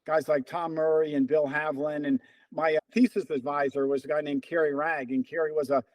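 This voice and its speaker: An older man with a high, lively voice spins anecdotes as an interview guest, slipping into the voices of the people he quotes. The sound is close and dry. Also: brisk, dry recording. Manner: animated storyteller, acts out quoted dialogue. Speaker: interview guest, runner and coach. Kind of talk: casual storytelling.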